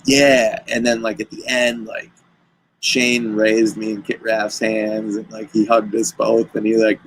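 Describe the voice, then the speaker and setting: A man's voice: fairly low pitch, a little slow, slight background noise, rough recording. A man, a guest wrestler, telling stories in casual chat and acting out the lines of the people in them. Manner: animated, acts out quoted dialogue.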